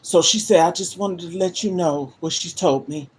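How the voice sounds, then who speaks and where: A woman's voice: fairly low pitch, moderate pace, darkish tone. Earnest grandmother livestreaming from home. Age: older. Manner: earnest, emphatic, talks straight to viewers. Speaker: livestream host. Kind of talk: emotional livestream monologue. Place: her living room. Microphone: phone livestream.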